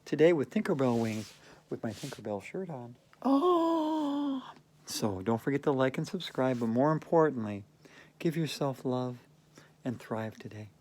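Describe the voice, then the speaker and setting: A woman's voice: rumbling low, animated, normal speed, warm tone. A woman teaching a playful yoga routine, giggling often between her cues. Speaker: yoga instructor. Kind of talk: playful guided yoga class.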